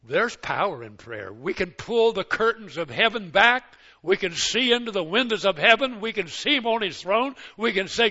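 An older man preaching a sermon, folksy and story-driven. He swings between loud, emphatic exhortation and slow, hushed passages. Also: sits high, expressive. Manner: folksy storytelling that acts out others' words. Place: church service. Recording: muffled lo-fi recording.

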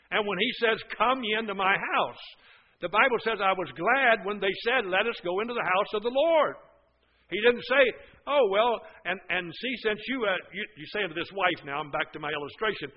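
A man's voice: sits high, lo-fi sound. A man preaching a sermon in an earnest way, swelling into emphatic bursts.

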